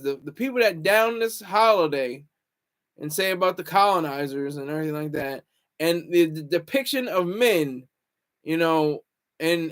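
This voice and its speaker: A man's voice: a little high, a bit bright. A man hosting a casual livestream, rambling and talking back to viewer comments. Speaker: livestream host.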